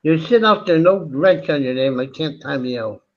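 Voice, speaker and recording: A man's voice: fairly high pitch, animated, moderate pace. Chatty older man on a lo-fi voice chat. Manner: chatty storyteller, laughs easily. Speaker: chat room moderator. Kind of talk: casual group voice chat. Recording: dull lo-fi audio with faint noise.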